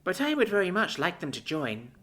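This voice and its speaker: Guy doing a squeaky shy furry alien girl, bright and bouncy, gets flustered fast. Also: huge pitch swings, heavily acted. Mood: eager. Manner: eager, apologetic, quick to fluster. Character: timid young female alien with fur and ears.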